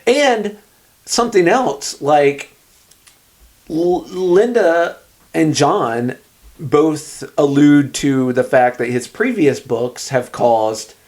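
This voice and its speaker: A man with a fairly high voice talks loosely about a film as a podcast co-host. He keeps agreeing with his partner and jumps into quick put-on readings of the characters' lines. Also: lively intonation, darkish tone. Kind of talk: casual film discussion.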